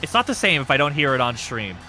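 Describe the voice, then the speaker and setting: A man hosting a live stream, chatting casually and excitably with viewers, joking and swearing freely. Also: medium pitch, fast, faint music behind. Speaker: streamer hosting a wrestling show.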